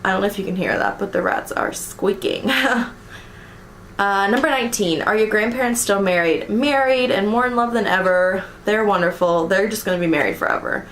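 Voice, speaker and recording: A woman's voice: medium pitch, fairly quick, a bit bright, roomy sound, slight background noise. A young American woman vlogger chatting casually through a list of questions, giggling often and filling with ums and likes. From United States. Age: young adult. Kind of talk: casual chat reading tag questions.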